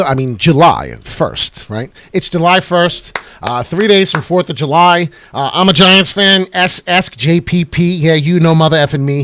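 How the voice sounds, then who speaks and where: A man's voice: a little high, a bit bright, no echo. A man hosting a casual livestream about crypto markets, boisterous and hyped, swearing freely and breaking into chants.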